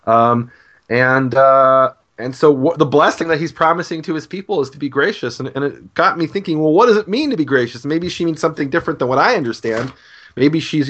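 A man's voice: a little high, fairly bright tone, dull audio. A man, a guest author, earnestly explaining an idea in a podcast conversation, with frequent restarts.

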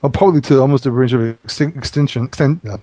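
A man's voice: medium pitch, mellow. A man teaching in a conversational Bible study, explaining at length with frequent halts and restarts. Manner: halting, many restarts while explaining.

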